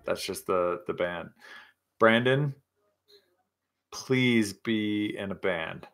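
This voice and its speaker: A man's voice: on the low side, very slow, pauses often, fairly bright tone. A man hosting a casual live chat with viewers, rowdy, joking and profane, a little tipsy. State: tipsy from scotch. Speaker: livestream host.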